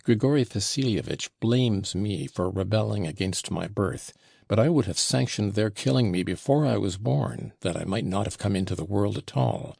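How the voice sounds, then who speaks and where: Audiobook: man voicing a scornful young manservant, low gravelly tone, curt and cold. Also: lively intonation, moderate pace, darkish tone, no room sound, clean studio sound, exaggerated voice. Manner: curt, disdainful. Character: sullen proud young male servant, contemptuous. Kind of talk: audiobook reading.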